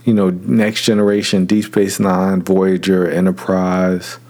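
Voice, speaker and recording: A man's voice: sits low, level tone, unhurried, darkish tone. A young adult man hosting a casual solo podcast, rambling and opinionated, with many fillers and restarts. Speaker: podcast host.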